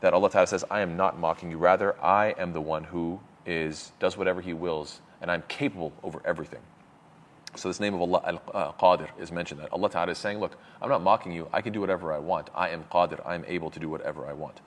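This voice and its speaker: A man teaching a religious lesson, explaining terms with many fillers and restarts and quick Arabic quotations. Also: low voice, fairly even intonation. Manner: reads Arabic quotes quickly. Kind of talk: explaining a lecture.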